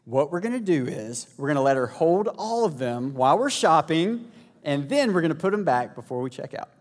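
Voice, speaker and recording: A man, a pastor telling a family story in a sermon with lively asides to the congregation. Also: on the high side, brisk. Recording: echoey hall.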